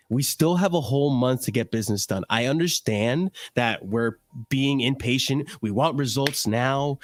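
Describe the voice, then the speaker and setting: A man's voice: mid-range voice, no echo. A man co-hosting a fan livestream, ranting in a profane, heated way and saying he is cranky from too little sleep. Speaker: livestream co-host.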